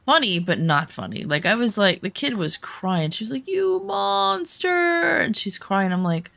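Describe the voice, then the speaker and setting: A woman's voice: lowish voice, lively intonation, normal speed, bright, forceful tone, no room sound. A woman gamer chatting casually while she plays, rambling through stories and murmuring to herself. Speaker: gaming streamer. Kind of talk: casual chat while gaming.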